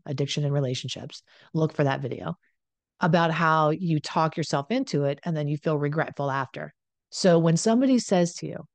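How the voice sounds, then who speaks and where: A woman's voice: deep voice, a little mellow, no room sound. A woman coaching on addiction and relationships, talking frankly and conversationally, repeating phrases for emphasis. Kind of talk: direct-to-camera advice monologue.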